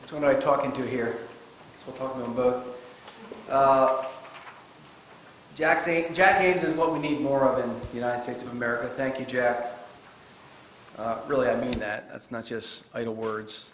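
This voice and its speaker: A man's voice: medium pitch, steady tone, moderate pace, pauses often, slight background noise. Chatty man speaking to an audience. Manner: chatty, joking, with fillers and restarts. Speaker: guest speaker, author. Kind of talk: casual talk to a live audience. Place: parish hall with audience.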